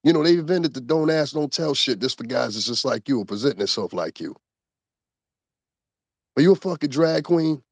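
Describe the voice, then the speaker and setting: New guy ranting on his channel, cussing a lot, mid-pitched voice, dry sound. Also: expressive, normal speed, pauses often, no room sound. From Connecticut, USA. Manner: profane, heated, laughing asides. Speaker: commentary host. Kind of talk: casual ranting commentary.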